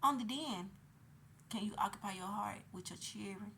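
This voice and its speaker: Loud, profane woman vlogging. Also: medium pitch, normal speed, gravelly. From Atlanta, USA. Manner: loud, profane, animated, swings between shouting and hushed asides. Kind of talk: casual storytelling monologue. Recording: noisy background.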